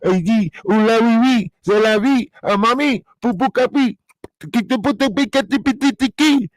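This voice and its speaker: A man's voice: very high voice, moderate pace, dry recording, soft background music, pitched above the performer's own voice, poor audio. A man voicing a pompous mock-French character who babbles sing-song nonsense syllables in a whiny, mocking tone.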